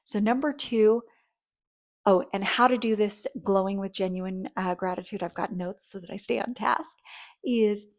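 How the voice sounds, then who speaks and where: A woman's voice: mid-range voice, a little mellow. A woman in casual, rambling talk, giving relationship advice and acting out sweet, grateful thank-yous. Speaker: relationship coach.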